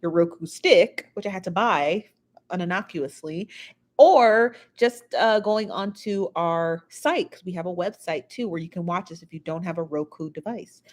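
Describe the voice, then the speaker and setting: Sitting at home in a squeaky chair, a woman hosts a livestream gossip show, chatting casually into a built-in device mic, greeting viewers by name and laughing often. Her voice is lowish and her pace moderate.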